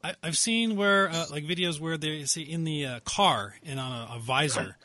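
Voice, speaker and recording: A man co-hosting a casual chat, speaking haltingly with many fillers and restarts. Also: on the high side, bright, forceful tone, no room sound.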